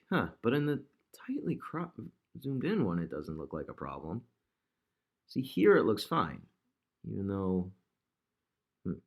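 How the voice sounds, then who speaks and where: A man casually talking through an ad design on screen, thinking aloud and chatting to the objects he moves around. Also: fairly low pitch. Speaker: digital marketer demonstrating ad design. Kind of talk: casual screen-recording tutorial.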